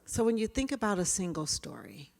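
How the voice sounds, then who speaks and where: A woman presenting a workshop, talking to her audience in a lively way and asking them questions. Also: medium pitch, fairly quick. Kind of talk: interactive talk. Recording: hall reverb.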